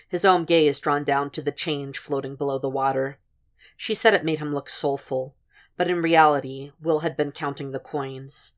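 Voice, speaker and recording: A woman narrating a fan fiction audiobook in an even, steady storytelling voice. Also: low voice. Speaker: podfic reader.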